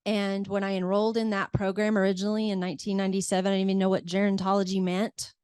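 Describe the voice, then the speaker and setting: A woman's voice: medium pitch, little pitch movement, fast, clean tone, no echo, studio quality. Chatty middle-aged woman panelist. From Oklahoma. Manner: warm, chatty, with fillers. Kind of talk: seminar panel introduction.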